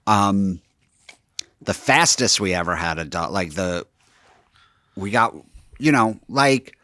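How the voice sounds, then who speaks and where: A young man, a comedian co-hosting a podcast, telling childhood stories in a deadpan way. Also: sits low, slow, no echo, clean studio sound. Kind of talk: casual chat.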